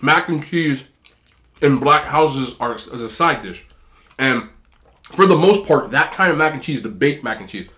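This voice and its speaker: A man's voice: medium pitch, lively intonation, unhurried, pushed and bright. A man with a slightly nasal voice, chatting casually and rambling while he eats on camera. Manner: rambling, chatty, talks between bites. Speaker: food vlogger. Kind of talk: casual mukbang chat while eating.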